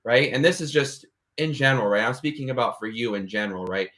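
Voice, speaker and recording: A young man talks on an online panel in a casual, heartfelt way. His voice sits in an ordinary middle pitch. He keeps checking in with "right?" and "you know". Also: fast, a bit bright. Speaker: panel speaker. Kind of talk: motivational panel talk. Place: online video call.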